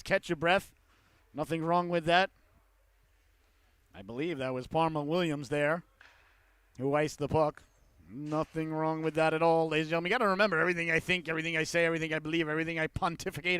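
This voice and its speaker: A man calling a youth hockey game play-by-play, with rapid calls that rise to excited shouts on goals. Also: on the high side, smooth, dry recording. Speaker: play-by-play commentator.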